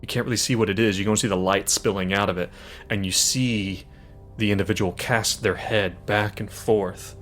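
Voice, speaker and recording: A man narrating a tabletop game as game master, describing scenes in an animated way. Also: fairly low pitch, a little fast, soft background music.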